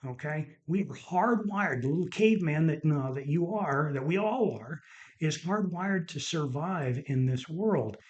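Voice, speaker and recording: Earnest middle-aged man, fairly high voice. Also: lively intonation, unhurried, lo-fi sound. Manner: earnest storyteller who repeats words for emphasis. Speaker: podcast host and doctor. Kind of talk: casual podcast monologue.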